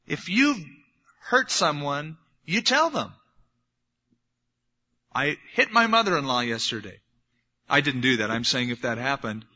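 Bright-voiced pastor preaching a sermon. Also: male voice, on the high side, long reverb tail. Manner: animated storytelling, acting out little scenes. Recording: dull lo-fi sermon recording.

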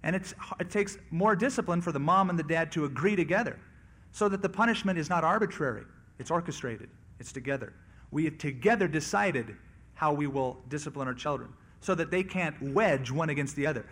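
Conversational male pastor, slightly high voice. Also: expressive, a little fast, fairly bright tone. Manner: conversational, acts out quoted voices. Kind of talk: expository sermon on scripture.

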